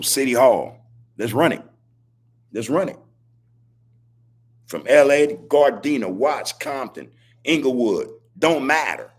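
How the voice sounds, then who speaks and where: A man hosting a live-stream podcast, preaching in casual street talk and repeating his points, with a husky voice. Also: lowish voice. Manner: preachy, repetitive street talk, laughs as he speaks. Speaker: podcast host.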